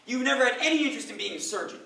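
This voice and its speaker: A man's voice: extremely high pitch, expressive, racing, gravelly, pushed and bright, heavily acted. An actor playing a stern, contemptuous older male surgeon in a school stage play, with a clipped, lecturing delivery. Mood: cold, scornful. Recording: echoey stage recorded from far off.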